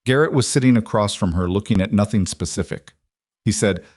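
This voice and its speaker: A man narrating a scripted story in a calm, even tone. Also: fairly low pitch, fairly quick, no room sound, studio quality.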